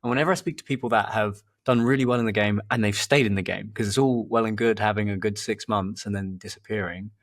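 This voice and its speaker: Talking quickly with hardly a pause, a man from England with a fairly low voice rambles through casual stories. He hosts a podcast and works as a performance coach, tends to repeat words, and brightens up during anecdotes.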